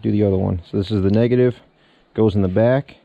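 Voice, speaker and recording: A man in a casual how-to vlog, explaining step by step in a relaxed way while he works on his truck outdoors. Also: on the low side, fast talker, vocal fry, muffled recording. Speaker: small business owner showing a truck equipment setup.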